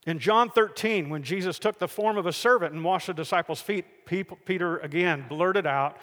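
A man preaching a sermon, telling the stories in a lively way and acting out the people in them. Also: high voice, moderate pace, hardly any pauses, long reverb tail. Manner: animated storytelling, acts out the figures in the stories.

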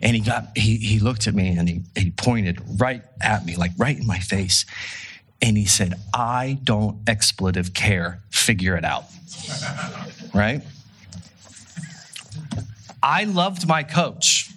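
A man's voice: lowish voice, lively intonation, slow, pauses often, fairly bright tone, slight background noise. A man giving a sermon as a pastor, telling a personal story in a joking, conversational way with many restarts.

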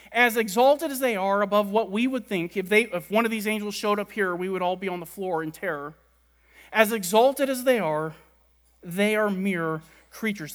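A man preaching a sermon, stressing words by repeating them and letting key lines fall quiet and low. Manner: emphatic, repeats words for stress, drops soft at ends. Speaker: pastor.

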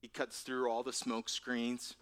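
A man's voice: medium pitch, monotone, unhurried, fairly bright tone. A man preaching a sermon in an earnest, conversational way, often repeating words and dropping to a near whisper for emphasis. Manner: repeats words and restarts phrases. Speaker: pastor.

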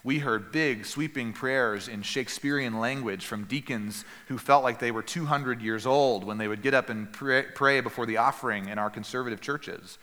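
Earnest preacher man in a reverberant hall. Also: mid-range voice. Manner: earnest, emphatic preaching with dramatic pauses and quiet drops. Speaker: pastor. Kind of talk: sermon.

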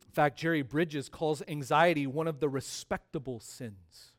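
A man preaching a sermon as pastor, stressing key words by repeating them and swinging between quiet drops and loud rises. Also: a little high, steady tone, moderate pace.

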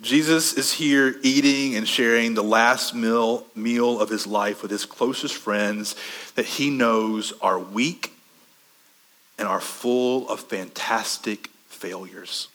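A man preaching a sermon conversationally, asking the room questions and swinging between quick bursts and slow, soft stretches. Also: medium pitch, fairly even intonation, in a large hall. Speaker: pastor.

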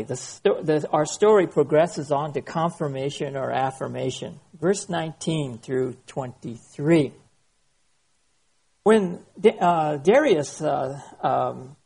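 A man who is a pastor, preaching a sermon and reading scripture aloud slowly and expressively. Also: on the high side, warm tone, breathy edge.

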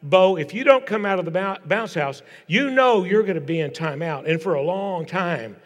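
A man's voice: sits high, expressive, normal speed, voice pushed up. An older man quoting a young father who coaxes and then warns his small son, in a firm parental tone. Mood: coaxing. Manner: firm, coaxing parental warnings. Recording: long reverb of a large hall.

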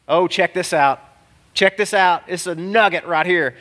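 A man delivers a sermon with a voice set somewhat high for a man. His tone is bright and forceful. He preaches in an animated way, shouting out one moment and dropping to a near hush the next. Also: normal speed. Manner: animated, exclamatory preaching that swings from loud to hushed. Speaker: pastor.

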